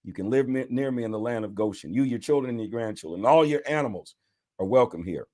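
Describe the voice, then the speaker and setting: Bishop reading scripture, expressive rise and fall, stops to preach. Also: male voice, medium pitch, fast. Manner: animated reading with preacher asides. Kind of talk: bible reading with commentary.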